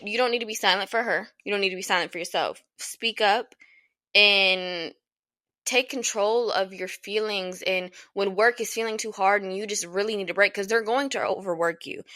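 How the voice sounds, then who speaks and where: Young woman, podcast host, casual advice monologue, blunt, swears freely, crisp bright tone. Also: mid-range voice, no room sound. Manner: repeats lines for emphasis.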